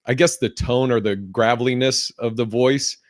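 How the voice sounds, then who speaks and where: A man hosting a podcast, talking loosely and circling around his questions with plenty of fillers and the odd curse. His voice sits at an ordinary middle pitch. The sound is close and dry, with no room around it. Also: steady tone, moderate pace, no echo. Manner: rambling, filler-heavy, swears casually. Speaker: podcast host. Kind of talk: casual podcast chat.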